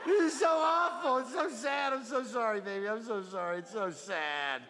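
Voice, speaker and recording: A man's voice: moderate pace, noisy background. A man doing a weepy gushing woman at a deathbed. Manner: high, sobbing sympathy.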